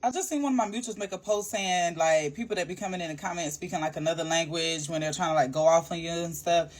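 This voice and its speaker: A woman's voice: lowish voice, quick pace, soft background music. Blunt slangy woman chatting. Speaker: social media creator. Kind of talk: casual storytelling rant.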